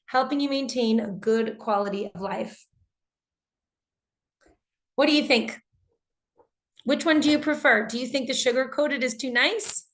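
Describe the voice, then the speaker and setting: A woman teaching an online English class, reading out students' answers and commenting on each one. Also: on the high side. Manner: reads student answers aloud and comments warmly on them.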